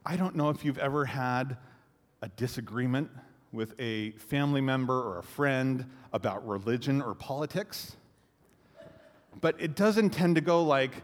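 A man preaching a sermon in an animated way, acting out quotes and swelling to loud climaxes. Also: mid-range voice, a little slow. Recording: echoey hall reverb.

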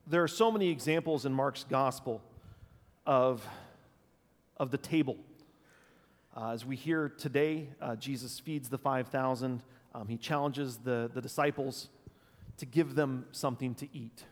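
A man preaching a sermon as pastor, thoughtful and unscripted, pausing with fillers and restarts. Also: mid-range voice. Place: church sanctuary. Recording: long church reverb.

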